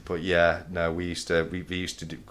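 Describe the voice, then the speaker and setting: Low-voiced Northern English man hosting. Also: completely flat delivery, a little fast, fairly bright tone. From English Midlands. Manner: hesitant, repeats words, bursts into laughter. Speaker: host. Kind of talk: casual live-stream chat.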